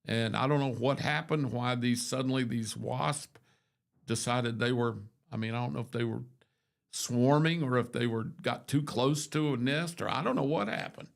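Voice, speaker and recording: An older man with a gravelly voice chats on a morning show. He wanders through his stories, restarting sentences and tossing in asides as he goes. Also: mid-range voice, moderate pace. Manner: rambling storyteller with many restarts and asides. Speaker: radio show host. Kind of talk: casual morning show chat.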